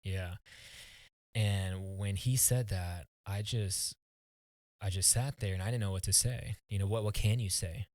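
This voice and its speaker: A man with a fairly low voice tells a personal story as a podcast guest, earnest and halting, often restarting his words. The sound is dry and close, with no room around it. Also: darkish tone, no echo. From United States.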